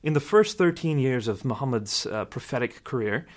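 A man, a guest in an interview, explaining in a measured way and quoting sources at length. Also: medium pitch, expressive. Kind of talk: interview answer.

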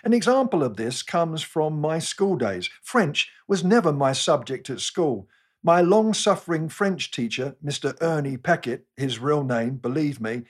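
An English man preaching with dry, self-mocking humour, his husky voice sitting a little high. He moves through his stories at a measured, wry pace. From England. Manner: wry, self-deprecating storytelling. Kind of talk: scripted sermon talk with humorous anecdotes.

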